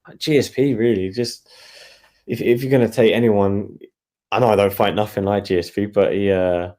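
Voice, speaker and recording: A young man, a guest fighter, chatting casually in a rambling, relaxed way on a video call. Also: lowish voice, moderate pace. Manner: relaxed, rambling, laughs while telling stories. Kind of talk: casual interview chat.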